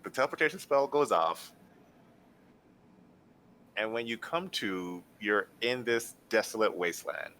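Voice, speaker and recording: A man's voice: on the low side, lively intonation, unhurried, pauses often, sharp tone, a little hiss or hum. A man narrating a tabletop game as game master, describing scenes casually with lots of fillers.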